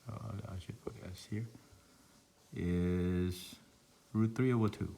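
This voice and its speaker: A deep-voiced man with a thick Lao accent teaches math for a recorded online class. He thinks out loud, wanders off track and pokes fun at himself. A faint hiss sits under the recording. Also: fairly even intonation, slow pace, gravelly. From Laos. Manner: thinking aloud, meandering, self-deprecating asides.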